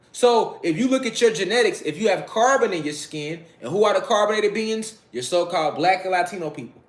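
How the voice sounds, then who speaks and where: A man's voice: high-pitched, expressive, a little fast, hardly any pauses. A man giving a casual spiritual lecture, preaching to his listeners, repeating phrases and calling them family. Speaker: spiritual talk host.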